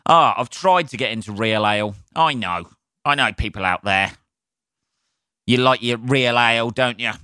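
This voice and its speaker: A man with a Southern English accent rants solo on his podcast, swearing freely and tossing jokey asides to his listeners. His voice is bright and forceful, smooth and clear, recorded close and dry with no room echo. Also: mid-range voice, moderate pace. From southern England. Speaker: podcast host, stand-up comedian.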